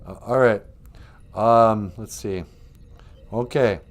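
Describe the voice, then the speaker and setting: A man's voice: mid-range voice, expressive, takes it slowly, a little mellow. A man hosting a podcast in playful casual chat, joking, laughing often and making beep sound effects. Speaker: podcast host.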